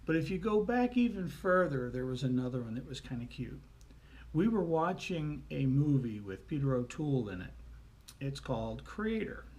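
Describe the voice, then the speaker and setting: A man telling family anecdotes in a casual, folksy way, with frequent pauses and fillers. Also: mid-range voice, very animated, a little mellow. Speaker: storyteller.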